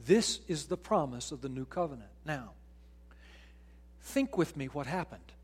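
A man preaching a sermon as pastor, swinging from hushed, slow lines to loud, pressing questions. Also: husky. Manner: acts out quoted voices, putting on an excited high voice.

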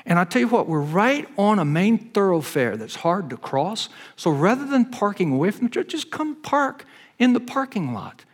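Man, pastor, high voice, earnest conversational storytelling sermon. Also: big pitch swings, normal speed.

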